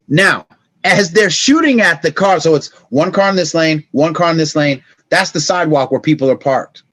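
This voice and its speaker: Animated storytelling man, dry sound. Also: moderate pace, no room sound. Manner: animated, acts out scenes with sound effects; reflective, turns soft and low on emotional points. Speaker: podcast guest. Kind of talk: casual storytelling conversation.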